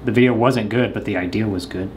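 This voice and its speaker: A man's voice: lowish voice, quick pace, darkish tone, a little hiss or hum. Rambling, joking man vlogging at home. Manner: hesitant, many ums, jokey asides. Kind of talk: casual rambling chat. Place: at his house.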